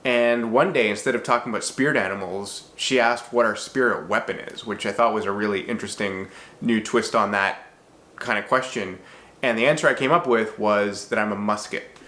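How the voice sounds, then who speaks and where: A man's voice: lowish voice, moderate pace, sharp tone. A man in his thirties, originally from Czechoslovakia, answering viewer questions in a casual vlog, thoughtful and a little self-deprecating with frequent fillers and restarts.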